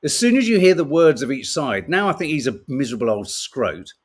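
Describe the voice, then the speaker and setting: A man's voice: mid-range voice, big pitch swings, brisk, husky. A middle-aged British man hosting a podcast, chatting wryly through newspaper stories with casual swearing and laughter. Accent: British English. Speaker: podcast host reading the papers. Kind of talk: casual chat.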